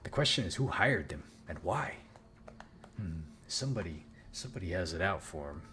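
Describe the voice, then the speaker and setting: A man casually commenting on his own gameplay as a let's play host, rambling and swearing with excited outbursts. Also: low-pitched, moderate pace, faint music behind.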